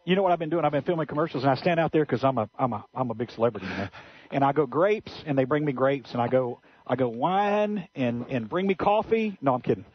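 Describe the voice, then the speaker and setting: A man's voice: medium pitch, expressive, very fast, husky, no echo. A man, a radio guest joking and telling self-mocking stories. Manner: self-mocking, comic storytelling. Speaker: guest car dealer. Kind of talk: joking banter. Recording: dull radio broadcast sound.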